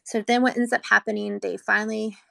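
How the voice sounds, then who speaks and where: Gravelly-voiced mother telling an emotional story. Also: medium pitch, flat delivery, fairly quick, fairly bright tone, dry recording. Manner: earnest and rambling, heavy with "like"; emotional, close to tears. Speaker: mother telling her son's hospital story. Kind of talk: personal storytelling, casual.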